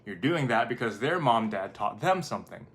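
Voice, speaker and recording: A man's voice: medium pitch, lively intonation, normal speed, fairly bright tone. A man around thirty giving a casual motivational talk, telling stories conversationally and often correcting himself mid-sentence. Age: 30s. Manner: conversational storytelling, frequent self-corrections. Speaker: video host.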